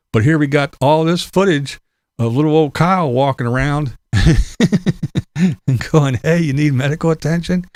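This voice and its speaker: A man's voice: a little high, darkish tone, dry recording, studio quality. A middle-aged man from Pennsylvania giving a blunt, profane opinion monologue, laughing between his points. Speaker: vlogger.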